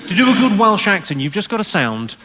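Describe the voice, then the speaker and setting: A stand-up comedian with a high, lively voice and deadpan timing, working the crowd from a big theatre stage. His stage mic carries a long hall reverb, and loud audience noise runs under him. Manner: deadpan, quick delivery with crowd work. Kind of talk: stand-up routine.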